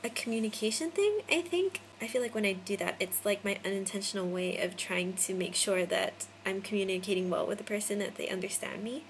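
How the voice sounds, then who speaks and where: A woman's voice: medium pitch, brisk, hardly any pauses, a little hiss or hum, low-quality recording. A young American woman in her twenties from Hawaii, chatting casually to viewers by name into a phone camera indoors. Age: 20s. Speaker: vlogger.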